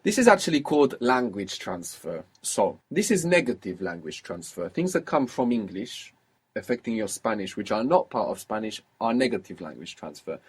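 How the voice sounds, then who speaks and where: Male tutor, husky, patient and explanatory, talks through rules with hesitations. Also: fairly low pitch, very animated, moderate pace. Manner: patient, explanatory, with frequent uh fillers. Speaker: language teacher. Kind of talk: recorded language lesson.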